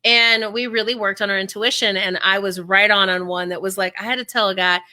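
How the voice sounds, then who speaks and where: Bright, animated woman coaching. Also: mid-range voice, fairly quick. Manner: animated, acts out quoted voices. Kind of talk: casual interview chat.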